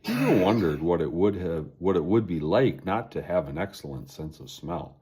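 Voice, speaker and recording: Male narrator for a children's chapter book; low, husky, expressive read. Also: moderate pace. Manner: expressive reading aloud. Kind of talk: storybook narration.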